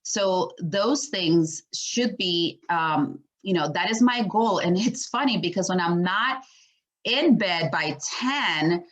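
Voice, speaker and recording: A woman's voice: lowish voice, lively intonation, slow pace. A woman presenting a wellness workshop in a casual teaching style, chatty and full of fillers, sometimes acting out her own thoughts.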